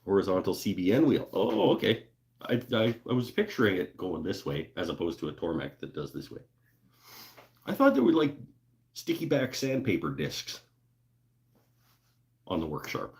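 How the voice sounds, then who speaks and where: A man with a very low voice hosts a casual livestream from his woodworking shop. He talks in a loose, joking way, full of fillers and asides to viewers. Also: big pitch swings, moderate pace, gravelly, pauses often, a little mellow. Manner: laid-back, joking, lots of fillers and laughs. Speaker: livestream host. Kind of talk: casual livestream chat reading viewer comments.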